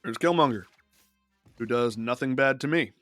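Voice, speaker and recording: Faint music sits underneath this medium-pitched, fairly bright male voice, recorded with no room sound. At normal speed, the streamer casually mumbles his moves and reasoning during a digital card game.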